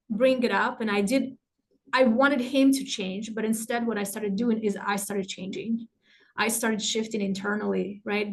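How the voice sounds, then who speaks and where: A middle-aged woman teaching a live online workshop, animated and laughing often as she acts out inner thoughts. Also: medium pitch, creaky. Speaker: masterclass teacher.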